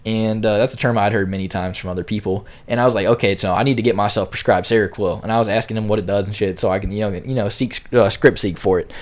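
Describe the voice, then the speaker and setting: A man's voice: fairly low pitch, steady tone, fast, few pauses. A young man telling a rambling, profane storytime in casual slang. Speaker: storyteller vlogger.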